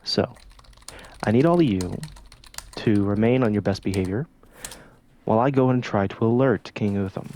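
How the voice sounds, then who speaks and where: A man playing a tabletop game, speaking in a measured, formal way. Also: on the low side, mellow, a little hiss or hum. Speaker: player.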